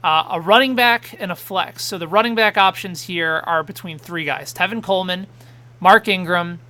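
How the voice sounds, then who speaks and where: Bright-voiced man hosting a fantasy football show. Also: sits high. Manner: excitable, quick back-and-forth, reading out viewer questions. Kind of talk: live fantasy sports talk show.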